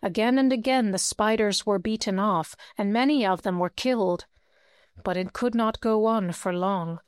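Woman audiobook narrator, smooth clear voice, close and dry recording. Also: mid-range voice, normal speed, no echo. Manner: steady storytelling, lifts her voice for dialogue. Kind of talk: audiobook reading.

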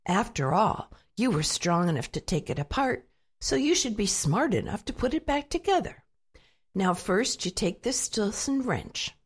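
A woman voicing a kindly older male farmer who gives slow, fatherly instructions. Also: medium pitch, very animated, husky.

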